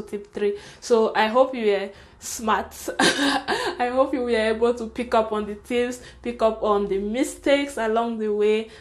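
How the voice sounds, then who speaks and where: A young woman from Nigeria with a Nigerian accent and a fairly high voice talks fast and frankly in a casual storytime vlog. She gives advice in a chatty way, sprinkling in the word "sha" and plenty of laughter. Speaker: vlogger.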